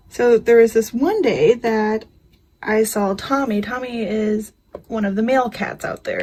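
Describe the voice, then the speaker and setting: This young craft vlogger's medium-pitched voice is a little mellow, captured on a rough recording with slight hiss or hum. She chats casually with her viewers, rambling from one story to another, laughing and peppering in "you know."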